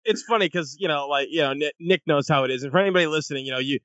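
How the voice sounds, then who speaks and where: A man talks fast in a slightly higher voice, rambling through animated stories as a podcast co-host. The audio is dry and lo-fi. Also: no echo. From Boston, USA. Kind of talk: casual interview.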